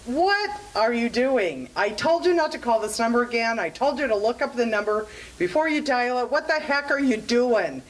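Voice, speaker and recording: A woman voicing an irate man who rants fast down the phone at a caller. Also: a little high, animated, rough recording. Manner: fast ranting.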